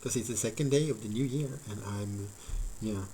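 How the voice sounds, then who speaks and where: A man with a lowish, dark-toned voice speaks at a moderate pace while live-streaming a model build. He thinks out loud, rambles with plenty of filler words and chats with his viewers in a casual crafting session, all on a low-quality recording with slight hiss or hum.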